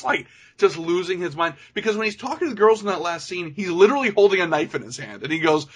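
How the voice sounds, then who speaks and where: A man's voice: high voice, lively intonation, fast talker, few pauses, a bit bright, husky. A man co-hosting a podcast in casual chat, ranting with lots of swearing and "like". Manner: profane, ranting, many "like"s. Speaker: podcast co-host.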